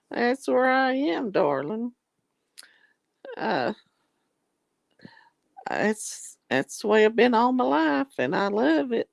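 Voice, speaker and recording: Slow gravelly Tennessee drawl woman. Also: a little high, very animated, dry recording. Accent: Southern US drawl, East Tennessee mountains. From East Tennessee, American South. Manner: folksy, affectionate, calls viewers darling and honey. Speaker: livestream host reading viewer comments. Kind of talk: casual livestream chat.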